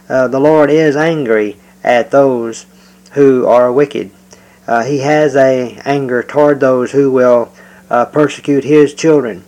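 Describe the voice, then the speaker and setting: A man preaching through a psalm verse by verse, speaking in a measured way with frequent pauses. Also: mid-range voice, poor audio. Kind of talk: verse-by-verse Bible teaching.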